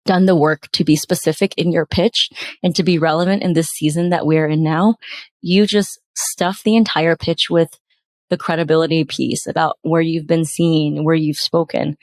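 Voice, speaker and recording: A woman hosting a podcast reads bad pitches aloud and tears into them with exasperated, sarcastic remarks. Her voice is a little mellow, and there's no room sound.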